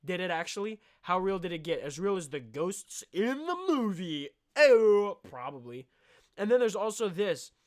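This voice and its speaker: Sarcastic young man riffing. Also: on the high side. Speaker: podcast host. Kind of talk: comedic podcast monologue.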